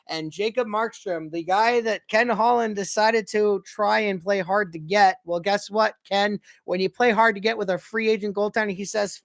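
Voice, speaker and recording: Guy from canada calling a hockey game as a fan, gets loud and excited, swears a bit. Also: high voice, gravelly. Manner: excitable, swears, shouts at goals. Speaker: fan commentator. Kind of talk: casual play-by-play watch-along.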